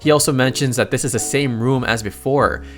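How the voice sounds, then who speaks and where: Excitable male recap narrator, casual and slangy, soft guitar bed. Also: medium pitch, fairly quick. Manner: excitable, slangy, keeps exclaiming.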